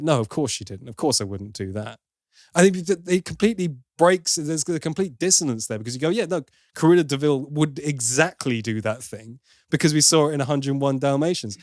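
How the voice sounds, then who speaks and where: A man's voice: medium pitch, no echo, clean studio sound. A man hosting a film review podcast, giving opinionated, wry critique in casual chat with plenty of asides.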